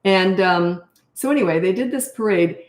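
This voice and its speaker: An older Canadian woman, a parenting coach, chats casually on a live stream, telling rambling stories and laughing often. Her voice is mid-range at a moderate pace, and the recording has a roomy echo.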